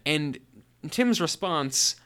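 A man's voice: on the high side, extremely slow, clean tone. A man co-hosting a casual podcast, recapping a sitcom with wry remarks and acted-out quotes. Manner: relaxed, wry, acts out quoted lines. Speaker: podcast co-host.

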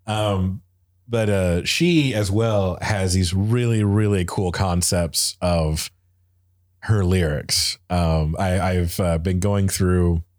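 A man's voice: low voice, slow pace, darkish tone. A man talking casually and enthusiastically about music, rambling with lots of fillers and restarts.

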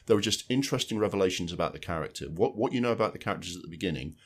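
A man's voice: low voice, expressive, very fast. A man co-hosting a film podcast, talking casually and rambling as he reviews a film, often restarting and repeating words while he thinks.

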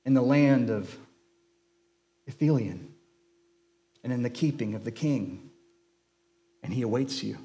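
A man voicing a wise, kindly old male wizard who speaks softly and measuredly, reading a novel aloud in a sermon. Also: medium pitch, lightly acted. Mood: calm. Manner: soft and measured.

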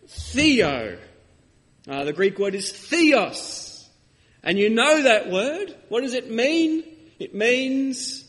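Male preacher with a high voice and an unhurried pace, questioning his congregation from the pulpit in a church with a long, echoing reverb. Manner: teaching, asks the congregation questions. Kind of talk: sermon.

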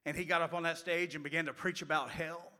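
A man preaching a sermon, telling stories in a folksy way and moving from loud passages to hushed ones. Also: a little high, fairly even intonation, quick pace. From West Virginia. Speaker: pastor. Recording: long hall reverb.

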